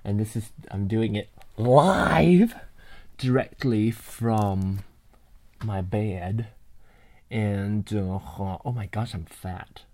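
Very slowly, in a low and slightly mellow voice, a man rambles from his bed through a binaural computer mic, laughing often and swearing offhandedly.

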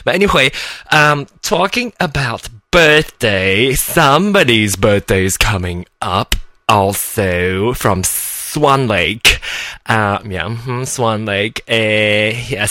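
A man in his thirties hosts a podcast in casual chat, giggling between lines. His voice is bright and forceful, and it swings up and down a lot in pitch. The sound is close and dry, with no room around it. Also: no room sound. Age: 30s. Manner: chatty, giggly, animated. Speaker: podcast host.

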